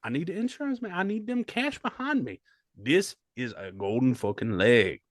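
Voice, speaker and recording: A man's voice: mid-range voice, moderate pace, dry recording, studio quality. A man co-hosting a comedy podcast, joking and swearing in casual chat. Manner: animated, profane, joking. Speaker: podcast co-host.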